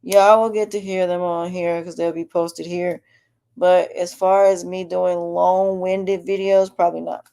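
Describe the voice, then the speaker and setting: A woman's voice: lowish voice, little pitch movement, unhurried, creaky, warm tone, clear, resonant tone. A woman podcast host with a sore, swollen throat, speaking candidly in a rambling personal update. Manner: candid, rambling, with frequent restarts. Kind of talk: personal health update monologue.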